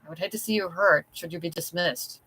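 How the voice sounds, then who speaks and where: Reader doing a firm, caring housekeeper, bright voice, storybook. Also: medium pitch, a little fast, slight background noise, natural voice, rough recording. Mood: advising. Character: stern but caring older housekeeper.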